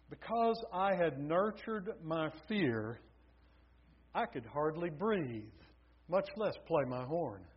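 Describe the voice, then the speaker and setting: A man's voice: high voice, breathy edge. A man preaching a sermon, telling stories with building emphasis. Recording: dull lo-fi recording.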